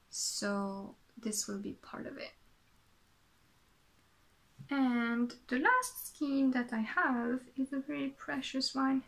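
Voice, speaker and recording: A woman from France with a French accent, chatting casually as a podcast host, rambling and correcting herself as she goes. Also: fairly high pitch. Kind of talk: casual show-and-tell chat.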